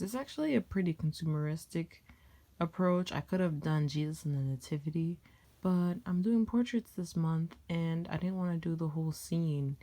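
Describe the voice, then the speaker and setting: A woman casually talking through her drawing process, chatty and sometimes dropping to a soft near-whisper. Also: low voice, moderate pace, no echo. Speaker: art vlogger. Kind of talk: casual narrated drawing tutorial.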